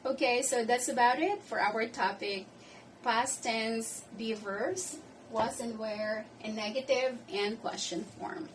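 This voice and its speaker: A woman teaching an English grammar lesson, explaining slowly and patiently and often checking in with "okay". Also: on the high side. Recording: distant mic with faint background noise.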